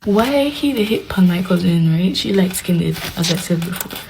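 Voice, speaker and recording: A young woman tells a story casually, animated and dramatic, with hushed asides. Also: lowish voice, moderate pace, vocal fry, background noise. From Belize. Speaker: vlogger.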